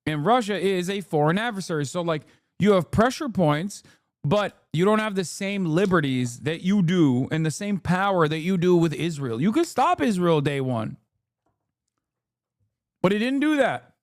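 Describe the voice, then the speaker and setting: A high-pitched man rants through casual political commentary with profane, sarcastic jabs. His voice is recorded dry and close. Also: animated, normal speed, dry recording. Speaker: streamer host.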